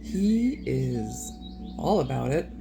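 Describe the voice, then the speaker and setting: A woman's voice: extremely low pitch, sing-song, takes it slowly, gravelly, over music. A woman talking baby talk to her dog in a cooing, teasing, sing-song way. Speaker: dog owner.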